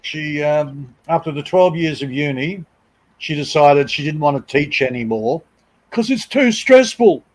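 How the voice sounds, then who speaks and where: A man's voice: fairly high pitch, steady tone, moderate pace, rough recording. A middle-aged man, chatting on a live stream in a blunt, crude, mocking way. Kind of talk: casual chat.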